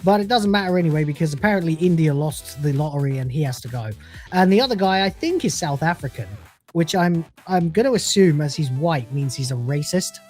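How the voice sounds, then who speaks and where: A man's voice: on the high side, expressive, fairly quick, a little mellow, soft background music. A man delivering a scornful, sarcastic review of a TV episode, swearing freely as he rants. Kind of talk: ranting review.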